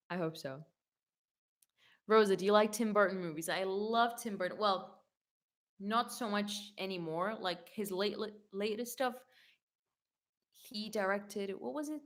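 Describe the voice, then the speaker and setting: A young woman in a casual Q&A video, reading viewer comments aloud and answering them in a chatty, rambling way, full of "like" and quick self-corrections. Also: mid-range voice. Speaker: YouTube singer answering fan questions.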